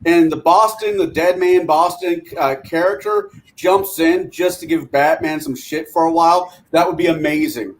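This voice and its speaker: Animated man who swears freely. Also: fairly high pitch, moderate pace, hardly any pauses, poor audio. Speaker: game master. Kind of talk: casual live-stream chat.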